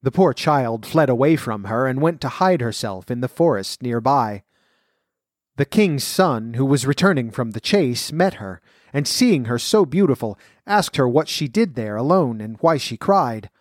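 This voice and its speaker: A man reading a fairy tale aloud and commenting on its folklore roots in a measured, clear voice. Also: mid-range voice, expressive, no echo, clean studio sound. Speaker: storyteller.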